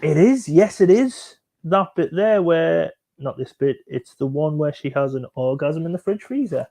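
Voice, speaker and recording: A man's voice: fairly high pitch, expressive, normal speed, dark tone. A man hosting a casual live stream, joking and chatting as he reacts to music videos and reads out viewer comments.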